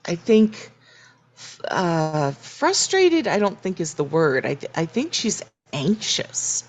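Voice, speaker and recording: A woman co-hosts a podcast, recapping a TV episode in casual, reflective chat and acting out the characters' lines. Her voice is fairly low, slow, and sing-song, and she restarts mid-sentence.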